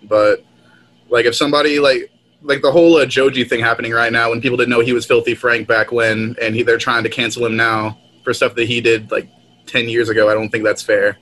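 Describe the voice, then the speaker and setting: A man's voice: medium pitch, little pitch movement, brisk, fairly bright tone, rough recording. A man in casual comedic chat, laid-back and teasing, speaking over a call. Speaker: co-host. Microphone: call audio.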